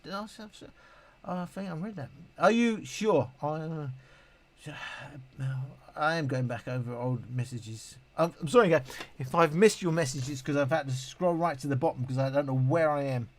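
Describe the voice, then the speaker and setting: A man's voice: on the high side, moderate pace. A British man hosting a casual live stream, reading viewer messages aloud and chatting in a rambling way with many restarts. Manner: self-deprecating, laughs at himself.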